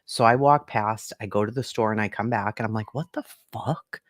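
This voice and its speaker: A man's voice: on the low side, fairly even intonation, fairly quick, no echo, studio quality. A man from Boston in a casual, profane reaction chat, often laughing and mocking what he watches. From Boston, USA. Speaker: streamer reacting to a debate.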